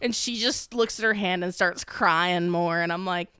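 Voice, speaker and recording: Podcast co-host, woman in her twenties, smooth lowish voice, rambling storyteller, dry close mic. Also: normal speed, pushed and bright, dry recording. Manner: rambling, heavy use of "like", laughs often. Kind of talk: casual chat.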